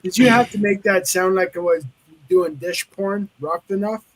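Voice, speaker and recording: Husky high-voiced man joking around. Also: normal speed. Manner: jokey, teasing, bawdy humor. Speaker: panelist. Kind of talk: casual chat.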